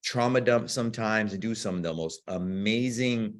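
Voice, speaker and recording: A man co-hosting a podcast in casual chat, excitable and quick to swear, acting out his own reactions. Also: fairly low pitch. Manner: excitable, rapid bursts, swears, acts out yelling. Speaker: podcast co-host.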